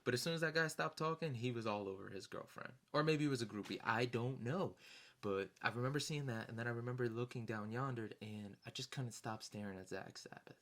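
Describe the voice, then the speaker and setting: Rambling young man telling a story. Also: a little fast. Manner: animated, acts out others in sudden high-pitched voices; rambling, lots of "you know" and "like". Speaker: vlogger recounting concert memories. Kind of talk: casual storytelling.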